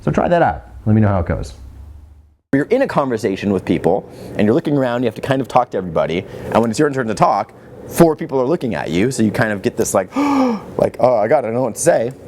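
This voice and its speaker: A low, mellow male voice that rises and falls in wide swings. He talks to the camera in a relaxed, rambling way, restarting phrases often. At times he slows down on purpose to show a steady rhythm. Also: a little hiss or hum. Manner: chatty, repeats words, demonstrates slow rhythmic delivery. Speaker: video host giving speaking tips. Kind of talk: casual teaching monologue.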